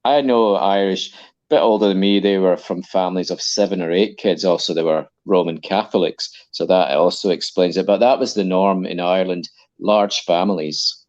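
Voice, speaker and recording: A man with a very deep voice talks casually as a guest on a livestream, chatty and agreeable. His audio is dull and lo-fi, with the highs dulled. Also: normal speed, darkish tone. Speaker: stream guest.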